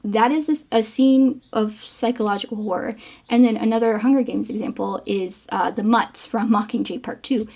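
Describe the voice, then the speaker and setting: A woman hosts her own film commentary channel, chatting with playful asides and small laughs. Her voice sits a little high but keeps dropping into gravelly vocal fry. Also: normal speed, darkish tone. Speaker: geographer and film commentary host. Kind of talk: casual film commentary to camera.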